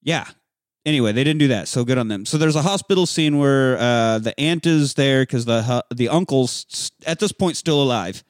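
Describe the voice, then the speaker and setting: A man casually recapping a movie with a co-host, profane and animated, acting out characters in sudden shouted voices. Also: medium pitch, moderate pace, no room sound, studio quality. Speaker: podcast co-host.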